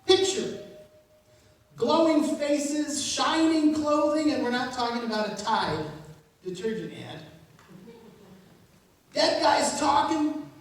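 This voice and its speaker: Woman pastor, 50s, easygoing joking sermon, heard from far off in a very echoey church. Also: sits high. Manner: conversational and humorous, with laughs. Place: church sanctuary. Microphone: distant room mic.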